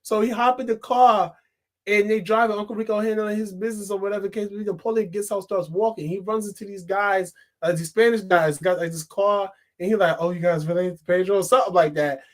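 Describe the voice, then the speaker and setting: A man's voice: high-pitched, steady tone, brisk. A man giving a casual, rambling movie review full of fillers and frequent laughter. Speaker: film reviewer.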